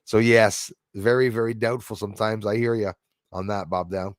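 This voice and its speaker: A man's voice: on the low side, steady tone, normal speed, no echo, clean studio sound. A man hosting a casual livestream, rambling and opinionated as he reads out viewer comments and laughs at his own jokes. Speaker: livestream host.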